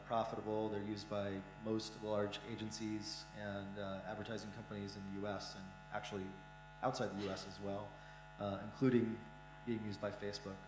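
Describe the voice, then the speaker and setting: A middle-aged man speaks bluntly at a conference, his voice on the low side and peppered with fillers. The room is echoey, with a mains hum behind him and faint music. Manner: blunt, frank, many "uh" fillers. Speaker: investor, startup fund founder. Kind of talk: conference interview answers. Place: conference hall.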